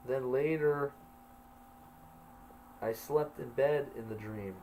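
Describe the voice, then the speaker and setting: A man's voice: mid-range voice, slow pace, a little mellow, a little hiss or hum, rough recording. A man telling his own story, reading his old journal entries aloud and adding wry asides. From Canada.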